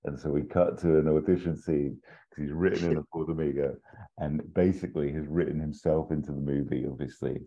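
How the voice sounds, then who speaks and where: A man's voice: very deep voice, fairly even intonation, brisk, highs cut off. A man telling a story idea in a casual chat, rambling with fillers and restarts and acting out the quotes. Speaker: podcast co-host pitching a story.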